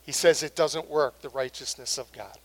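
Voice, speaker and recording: A man's voice: medium pitch, normal speed. A middle-aged male pastor preaching a sermon in an earnest, conversational way.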